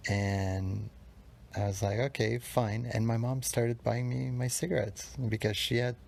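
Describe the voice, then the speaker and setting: Low gravelly man, emotional confession. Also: little pitch movement. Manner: emotional, halting, with restarts and soft whispered moments. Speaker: podcast host. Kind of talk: personal confessional storytelling.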